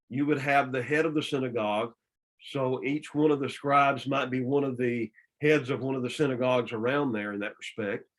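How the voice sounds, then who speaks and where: A man's voice: mid-range voice, rough recording. A man teaching a church Bible study, explaining scripture plainly with frequent restarts and repeated words, with a Southern US accent.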